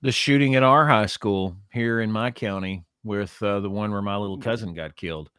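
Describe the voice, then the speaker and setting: A man's voice: on the low side, moderate pace, fairly bright tone, clean tone, no echo, clean studio sound. A middle-aged man, co-hosting a podcast in casual chat, rambling with many fillers and restarts. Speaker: podcast co-host.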